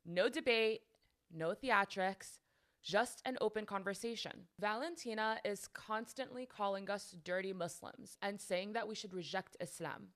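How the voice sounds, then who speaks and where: Sassy, bright-voiced woman host. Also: mid-range voice, measured pace. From United States. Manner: sassy, sarcastic, chatty with frequent "like". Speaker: podcast host. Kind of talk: casual commentary to camera.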